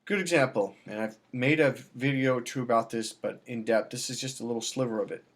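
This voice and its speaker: A dating coach talks casually in a self-filmed vlog, his medium-pitched voice running a little fast. He rambles in a salesy way, repeating himself and restarting often.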